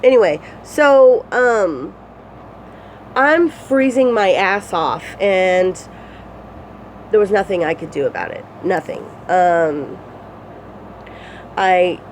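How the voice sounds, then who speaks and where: A woman telling a personal story to her phone camera, rambling and candid, with many fillers, restarts and swearing. Her pitch climbs high when she relives distress. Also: lively intonation, takes it slowly, pauses often, a little hiss or hum, rough recording. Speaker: vlogger.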